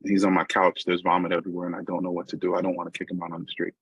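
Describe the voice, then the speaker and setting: Low husky New York man telling his story. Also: monotone, rapid-fire, a bit bright, dry recording, highs cut off. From New York, USA. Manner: conversational storytelling, frequent "right?" asides. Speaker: recovery meeting speaker. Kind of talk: personal recovery talk.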